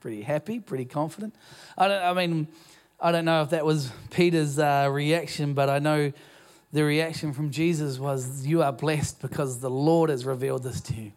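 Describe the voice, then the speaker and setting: A man with a New Zealand accent preaches a sermon as pastor in a church auditorium, his voice on the high side with a steady tone at normal speed. His delivery is chatty and self-mocking, and he frequently starts his sentences over.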